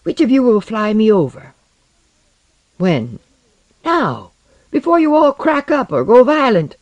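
A narrator voicing Osden, a bitter and mocking male empath, in a lively, raised voice in a science-fiction audiobook. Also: very high-pitched, measured pace, no room sound, lo-fi sound, pitched above the performer's own voice, heavily acted. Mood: eager.

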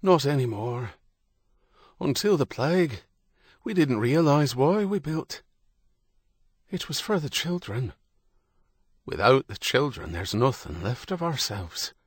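A man voicing an aging village priest in an audiobook, speaking in a hushed, sighing way that flares into bitterness. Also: medium pitch, very animated, slow, long pauses, slightly rough, no echo, clean studio sound, pitched above the performer's own voice, heavily acted. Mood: grieving. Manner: mournful, hushed and sighing, flaring into bitter outbursts. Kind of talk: audiobook character reading.

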